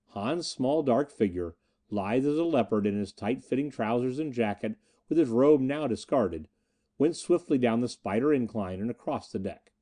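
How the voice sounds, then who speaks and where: Expressive man with a dark voice. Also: mid-range voice, normal speed. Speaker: audiobook narrator. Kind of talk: first-person audiobook narration.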